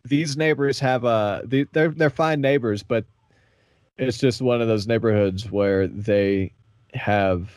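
A man's voice: medium pitch, slow, a little mellow, no room sound, clean studio sound. A man from the American South co-hosting a podcast in loose, profane, laid-back banter. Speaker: podcast co-host. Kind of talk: casual chat.

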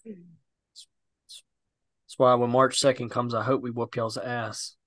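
A young man with a drawl talks in a blunt, cussing, animated way. His voice sits in a middling register and comes through close and dry, with no room around it. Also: medium pitch, slow, no room sound. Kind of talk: casual chat.

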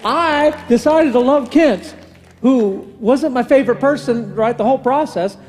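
A man's voice: extremely high pitch, unhurried. Joking male pastor telling a story. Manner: animated, joking, chatty asides. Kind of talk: humorous sermon storytelling.

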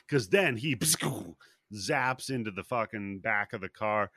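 A man's voice: on the low side, lively intonation, slow pace, sharp tone, no room sound, clean studio sound. A man hosting a podcast, casually recapping a movie plot in a rambling, profane way. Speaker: podcast host.

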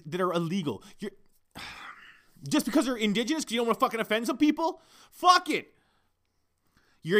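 A man's voice: sits high, a bit bright. A man hosting a solo podcast, ranting heatedly and swearing constantly into his microphone. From Canada. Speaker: podcast host.

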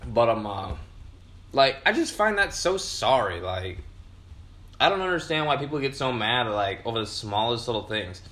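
A young man talks on his podcast with a bright, forward tone, loose and a little tipsy from beer. He meanders through his thoughts, swears freely and leans on fillers. The room gives his voice a noticeable echo. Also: medium pitch, sing-song, moderate pace. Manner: profane, meandering, frequent fillers. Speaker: podcast host. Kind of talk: rambling casual monologue. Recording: roomy echo.

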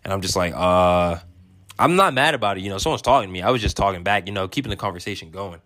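Laid-back young man, low voice, dry. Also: lively intonation, fast talker, fairly bright tone, no room sound. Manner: laid-back, rambling, lots of fillers. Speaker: vlogger. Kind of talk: casual storytelling.

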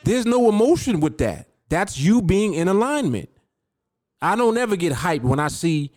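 Emphatic, lively-voiced male podcast host. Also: high voice, normal speed, no room sound. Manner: emphatic, repeats key words, addresses the listener directly. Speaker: podcast host and trading coach. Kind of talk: motivational podcast talk.

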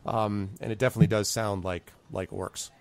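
A man's voice: flat delivery, fairly quick, vocal fry, darkish tone. Rambling male game master. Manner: rambling, lots of ums, pitches up for quoted characters. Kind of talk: narrating a tabletop game.

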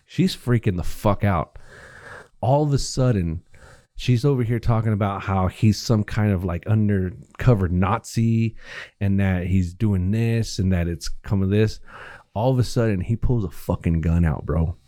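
A man's voice: lowish voice, a little slow, warm tone, no room sound, studio quality. A man co-hosting a podcast, chatting casually, swearing freely and retelling scenes he watched. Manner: rambling, swears a lot, retells scenes with acted voices. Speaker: podcast co-host. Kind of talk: casual chat.

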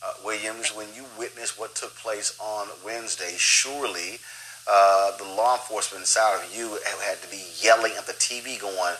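A man's voice: lowish voice, steady tone, moderate pace, bright, forceful tone, slight background noise, poor audio. A man hosting a news talk show, interviewing guests with emphatic, exclamatory questions.

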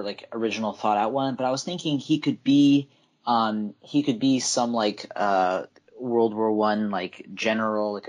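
A man in a casual podcast chat, talking haltingly with many fillers as he works out his thoughts. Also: lowish voice. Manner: halting, heavy fillers and restarts. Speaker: podcast co-host.

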